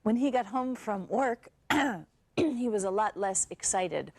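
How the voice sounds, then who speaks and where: A young actress performing a theatrical monologue as a woman recounting her abusive relationship, halting and wistful. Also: mid-range voice, lively intonation, darkish tone, no room sound. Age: young adult. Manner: halting, wistful, with nervous laughs and sighs.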